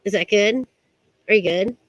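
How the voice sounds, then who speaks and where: A woman's voice: medium pitch, moderate pace, lo-fi sound. A woman giving a casual hands-on rope tying demonstration, chatty and giggly, often trailing off mid-sentence. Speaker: rope bondage instructor.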